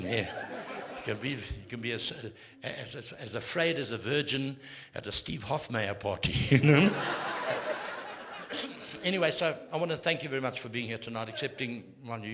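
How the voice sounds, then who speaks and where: A man's voice: mid-range voice, expressive, moderate pace, noisy background. A man in his sixties with a South African accent, doing a crude, needling stand-up set on a theatre stage. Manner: brash, crude, needling the audience. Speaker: stand-up comedian. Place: theatre stage before a live audience. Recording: live show with crowd laughter.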